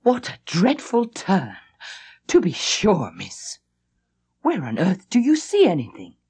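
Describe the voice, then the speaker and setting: A woman's voice: mid-range voice, wildly swooping pitch, slow pace, mellow, husky, exaggerated voice. Woman doing a coaxing old housekeeper. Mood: shocked protest. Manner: coaxing, homely. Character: older motherly housekeeper, soothing and protective.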